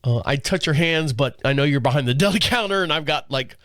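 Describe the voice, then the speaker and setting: A man's voice: a little high, lively intonation, brisk, fairly bright tone, dry recording, studio quality. Rambling man hosting a podcast. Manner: rambling with frequent restarts. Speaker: podcast host. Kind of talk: casual storytelling monologue.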